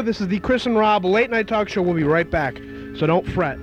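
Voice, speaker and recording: A man's voice: high-pitched, a little fast, muffled recording, over music. A man hosting a comic late-night show, joking and announcing in a mock-broadcast way. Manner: jokey, announcer-like, teasing. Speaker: host.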